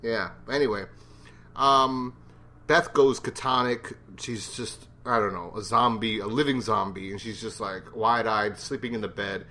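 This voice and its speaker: A man's voice: fairly low pitch, measured pace, pushed and bright. A man casually reviewing a TV episode, rambling and joking at his own expense. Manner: rambling, self-deprecating, jokey.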